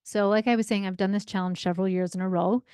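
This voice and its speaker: A woman's voice: mid-range voice, fairly even intonation, fast talker, a little mellow, clean tone, dry recording, studio quality. Chatty upbeat parenting coach woman. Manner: chatty, upbeat, often asks "right?"; acts out quoted voices in anecdotes. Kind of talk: solo podcast talk.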